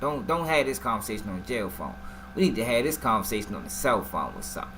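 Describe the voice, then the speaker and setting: Casting: a man quoting an agreeable young woman, low-key, quieter, slightly lower. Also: very animated, quick pace, noisy background.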